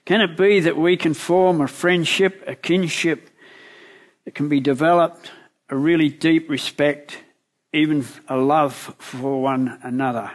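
A man preaching a sermon, retelling a Bible story in lively words and asking the listeners questions. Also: fairly high pitch, measured pace.

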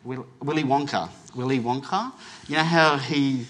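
An Australian man at a mid-range pitch tells a story to an audience. He acts out the dialogue himself, switching between the voices, and often laughs at his own expense. He talks in a casual, chatty way. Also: moderate pace, a little hiss or hum. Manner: lively storyteller who acts out both sides of conversations; self-deprecating, laughs at his own jokes. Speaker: chef giving a testimony talk.

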